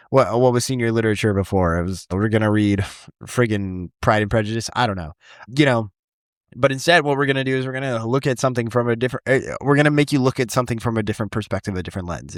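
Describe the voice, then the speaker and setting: A man teaching high school English talks loosely on a podcast, circling back and restarting his sentences and swearing now and then. His voice sits at an ordinary pitch for a man. The close mic leaves it dry, with no room sound. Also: no room sound. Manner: rambling, frequent restarts and casual swearing. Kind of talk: casual podcast chat.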